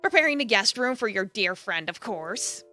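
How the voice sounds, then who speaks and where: A woman doing a quiet, wary maid. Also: medium pitch, lively intonation, moderate pace, faint music behind.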